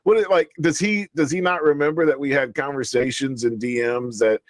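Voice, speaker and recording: A man's voice: medium pitch, steady tone, brisk, no echo. A man telling a story in casual chat, profane and heated, often laughing through his words. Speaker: show regular.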